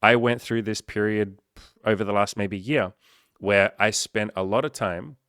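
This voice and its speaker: A man's voice: lowish voice, a little slow, clear, resonant tone, no room sound, studio quality. Blunt, profane man giving advice. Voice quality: blunt, animated, swears freely. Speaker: coaching podcast host. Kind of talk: candid advice talk, profane.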